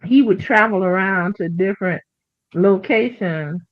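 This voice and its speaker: A woman chats casually on a talk show, telling rambling stories and slipping into the voices of the people she describes. Her voice sits at a middling pitch for a woman. It is recorded dry, with no room around it, and sounds a little muffled and lo-fi. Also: a little slow, no room sound. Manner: rambling storyteller who acts out quotes. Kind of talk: casual chat.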